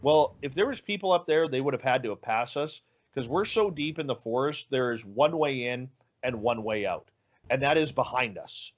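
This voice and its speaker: A man's voice: mid-range voice, animated, normal speed, dull audio. A man telling a story as a guest in an interview, acting out the dialogue with animation. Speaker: guest, radio show host.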